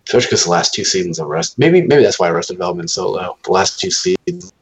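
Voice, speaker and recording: A man's voice: low voice, very animated, fast talker, vocal fry, a crowd in the background, poor audio. A young man chatting casually as a podcast co-host, telling rambling, profane stories. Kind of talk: casual chat.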